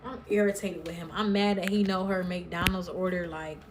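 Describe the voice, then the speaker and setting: A woman's voice: on the low side, level tone, moderate pace, background noise. Sassy woman recapping, roomy echo. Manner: chatty, blunt and sassy, swears freely. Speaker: recap vlogger. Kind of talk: casual reality-show recap. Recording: roomy echo, somewhat far from mic.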